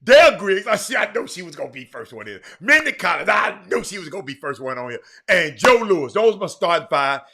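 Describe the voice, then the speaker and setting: A middle-aged man, hosting a live sports talk stream in an animated way, full of fillers and repeats. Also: high voice, fairly quick, gravelly, few pauses, husky. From Houston, Texas. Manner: animated, talks straight to the chat, lots of fillers and repeats. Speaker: sports talk show host.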